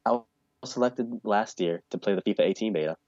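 A man's voice: lowish voice, brisk, a little mellow, no echo, dull audio. A man co-hosting a podcast, chatting casually and rambling about video game releases. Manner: casual, rambling, mock-formal announcer bits. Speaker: podcast co-host. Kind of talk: casual gaming chat.

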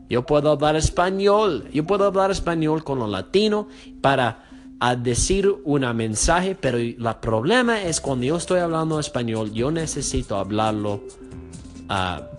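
A young American man hosting his own radio talk show, stuttering and stumbling over his words as he chats casually. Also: mid-range voice. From United States. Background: music.

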